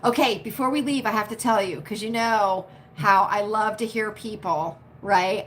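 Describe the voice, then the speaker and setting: A woman's voice: mid-range voice, fairly bright tone, slight background noise. A woman from the United States hosting a casual live chat with viewers, chatty and repetitive, often adding "right?" and laughing. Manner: chatty, repeats herself, frequent "right?" tags, laughs often. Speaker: livestream host.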